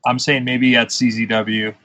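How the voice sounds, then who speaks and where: A man's voice: medium pitch, level tone, normal speed, pushed and bright. A man, a pro wrestler, talking in casual podcast chat, blunt and profane, telling stories with irritation. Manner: blunt, profane, ranting storyteller.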